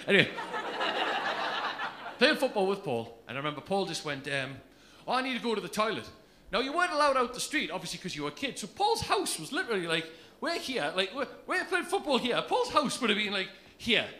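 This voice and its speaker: A man's voice: high voice, bright, forceful tone. A man, telling a crude story in brash stand-up style on a comedy club stage. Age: 30s.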